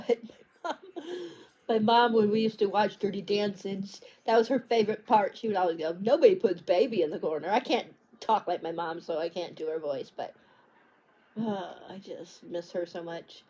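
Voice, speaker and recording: Woman vlogger, mid-pitched, loose chatty ramble, trips over words; fine for a casual book chat. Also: mellow. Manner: rambling, many fillers and restarts, stumbles over words.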